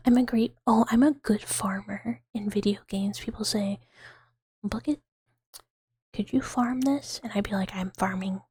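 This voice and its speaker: A young adult woman streamer in a whispered ASMR chat, rambling playfully in soft unvoiced whispers and giggling. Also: mid-range voice, steady tone, unhurried, husky, dry recording.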